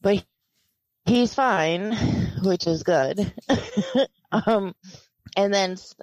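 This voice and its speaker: A woman's voice: mid-range voice, drawn-out words, no room sound, low-quality recording. A woman casually telling a story on a podcast, quoting people and laughing often. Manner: animated, quotes people in lively voices, laughs often.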